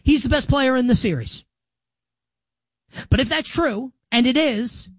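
A man hosts a sports talk show, delivering an opinionated monologue at a measured pace with frequent pauses and no echo. He leans on sarcasm and emphasis, his pitch swinging widely.

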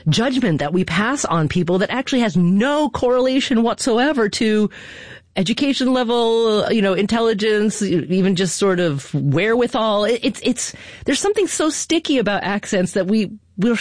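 A woman's voice: a little high, lively intonation, moderate pace, no room sound, clean studio sound. A woman hosting a public radio interview, speaking conversationally with emphatic stress. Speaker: radio show host.

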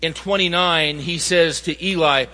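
A man's voice: fairly high pitch, a little slow, pushed and bright. A man preaching a sermon, emphatic and asking the audience rhetorical questions. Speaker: pastor. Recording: reverberant hall sound.

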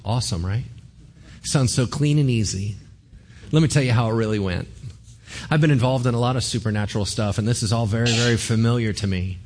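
A pastor preaching a sermon to a congregation, telling a story with humor and acting out voices. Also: male voice, mid-range voice, brisk, darkish tone.

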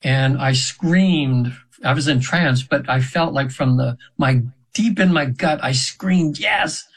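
Slow and mid-range, this man's voice comes through a rough recording. In his seventies and appearing as a radio show guest, he rambles through a long story from his own life, with frequent restarts and fillers, in a casual interview.

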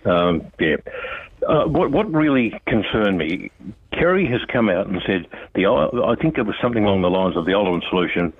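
A man's voice: fairly low pitch, sing-song, normal speed, breathy edge, dry recording. Blunt older Australian man on a phone line. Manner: blunt, impassioned, addresses an official directly. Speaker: radio guest, road safety campaigner. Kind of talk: on-air phone interview. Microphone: telephone.

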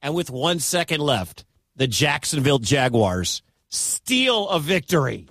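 Man, radio sports play-by-play, high voice, dry close sound, excitable, shouts at big moments. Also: unhurried, no echo. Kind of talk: live radio sports commentary.

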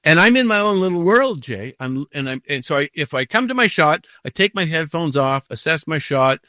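An older man, a professional golfer as guest, telling a story casually in an animated way, acting out what he said to himself. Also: fairly high pitch, normal speed, dry recording, clean studio sound. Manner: animated storytelling with acted-out inner voices.

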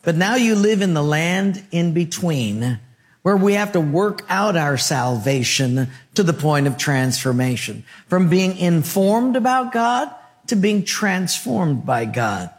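A male pastor delivers a sermon in a rhythmic, rhetorical cadence. His voice sits high, and he weaves in humorous storytelling. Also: big pitch swings, takes it slowly, long reverb tail.

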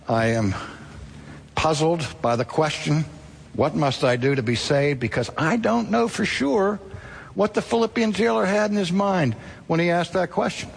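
Raspy preacher guy, slightly high voice, dramatic storytelling sermon, long echo from the hall. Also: a little hiss or hum. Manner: dramatic storytelling, acting out quotes, sudden shifts of pace. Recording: long reverb of a large hall.

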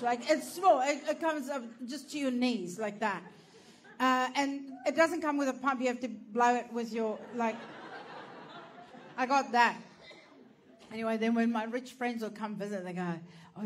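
A woman's voice: on the high side, a bit bright, a little hiss or hum. Brash, profane woman comic. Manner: brash, profane, laughing through punchlines. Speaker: comedian. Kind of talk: stand-up comedy storytelling.

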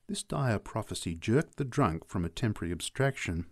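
A man narrating short stories aloud in an expressive reading voice. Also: fairly low pitch, normal speed, few pauses. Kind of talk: story reading.

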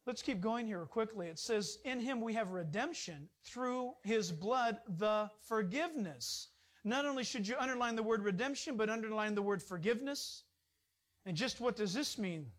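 A middle-aged man preaching a sermon as pastor, animated and emphatic, with rising emphasis. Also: high voice.

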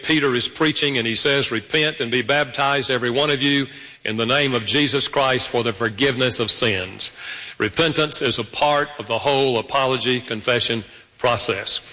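A man preaching a sermon, telling stories with sudden jumps up in pitch. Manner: storytelling with animated pitch jumps. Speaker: pastor. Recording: long hall reverb.

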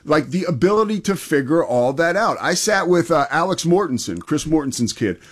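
A man's voice: a little high, expressive, normal speed. A man hosting a college football talk show, recounting his interviews with enthusiasm. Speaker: sports show host.

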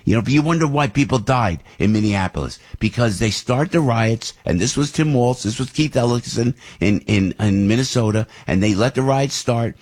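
An older man, hosting a political talk show in a fired-up, ranting monologue full of loud rhetorical questions. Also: mid-range voice, normal speed, few pauses. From New Jersey. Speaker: radio talk show host.

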